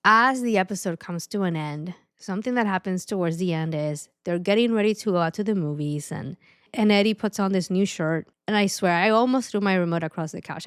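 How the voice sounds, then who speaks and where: A woman's voice: lowish voice, no room sound, studio quality. A woman hosting a podcast, speaking frankly and emotionally in a personal monologue, swearing often. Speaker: podcast host.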